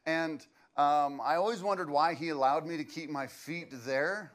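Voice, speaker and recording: A man's voice: fairly high pitch, fairly even intonation, moderate pace, few pauses. A man, preaching a sermon as a pastor and telling stories in a loose, conversational way with fillers.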